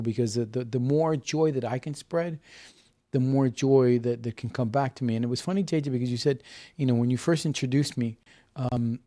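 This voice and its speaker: A man's voice: mid-range voice, warm tone. A man in his fifties, a podcast guest, telling a story in an earnest, heartfelt way with frequent restarts and repeated words. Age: 50s. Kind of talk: conversational interview storytelling.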